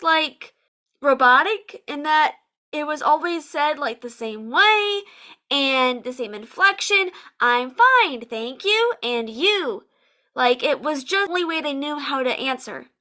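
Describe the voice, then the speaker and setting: An American woman, an online English teacher, giving a lively to-camera lesson and acting out sample phrases with emphasis. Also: sits high. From United States.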